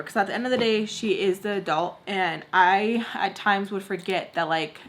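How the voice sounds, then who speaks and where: A woman's voice: medium pitch, moderate pace, a bit bright. Chatty woman telling a storytime. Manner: chatty, many "like" fillers, acts out quotes. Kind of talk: casual storytime chat.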